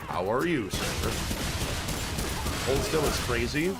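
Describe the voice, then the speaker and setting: A man's voice: on the high side, animated, unhurried. Lol crude guy streaming a game at home, swears a lot, rambly jokes, noisy background. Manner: crude, joking, rambling banter. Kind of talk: live gameplay commentary.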